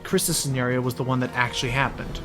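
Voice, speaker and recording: A man's voice: medium pitch, steady tone, quick pace, music in the background. A man hosting a casual game commentary, rambling through his points with restarts and asides. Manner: rambling, talks in restarts, says "hear me out". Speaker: commentary host.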